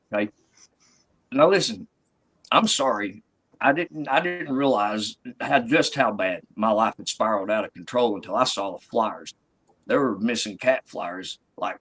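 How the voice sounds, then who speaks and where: Brief: male comic, husky voice, crude and profane, rambling delivery. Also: mid-range voice, a bit bright, rough recording. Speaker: comedian. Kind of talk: stand-up storytelling. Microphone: video call.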